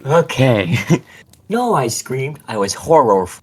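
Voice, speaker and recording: A co-host reads a fanfic aloud to a friend on a voice call, casually and gigglingly, with frequent stumbles and bursts of laughter. His medium-pitched voice is expressive, with a breathy edge, at a moderate pace.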